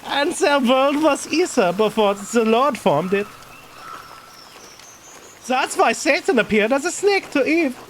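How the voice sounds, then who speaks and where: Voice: mid-range voice, wildly swooping pitch, measured pace, few pauses, sharp tone, slight background noise, pitched above the performer's own voice, full character voice, low-quality recording. A streamer voicing a wandering male tinker in a game, eager and thoughtful. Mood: earnest. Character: Romani man, wandering tinker, earnest. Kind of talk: game dialogue read aloud.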